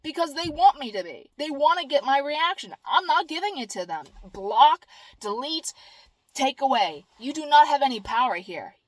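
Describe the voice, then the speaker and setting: A woman's voice: sits high, sing-song, normal speed, no room sound. A woman talking casually to her camera, rambling and blunt, swearing freely and mimicking whiny voices. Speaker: vlogger.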